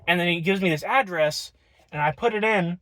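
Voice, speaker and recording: A man's voice: high-pitched, fairly quick, fairly bright tone, no room sound. A man telling a rambling, profane story in a casual storytime vlog.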